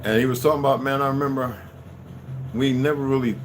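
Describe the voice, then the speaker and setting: A middle-aged man telling a rambling, profane story that turns into a loud rant. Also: mid-range voice, steady tone, fast talker, background noise. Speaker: channel host telling stories.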